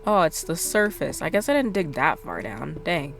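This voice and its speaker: A woman game streamer with a low, creaky, very animated voice chats casually at normal speed while she plays, with faint music behind her. She rambles through the gameplay, full of fillers and self-deprecating asides.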